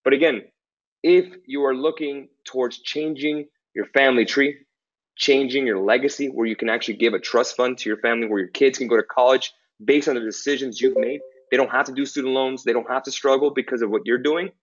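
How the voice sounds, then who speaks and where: A man's voice: mid-range voice, fairly even intonation, a little fast, lo-fi sound. A man hosting a webinar, answering a viewer's question with an emphatic motivational talk and repeating lines for stress.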